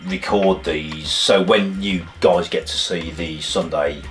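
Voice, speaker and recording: Low-voiced man, rambling chat. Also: steady tone, takes it slowly, a bit bright, soft background music. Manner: chatty, rambling, many fillers. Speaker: co-host of a punk music channel. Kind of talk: casual chat and joke telling.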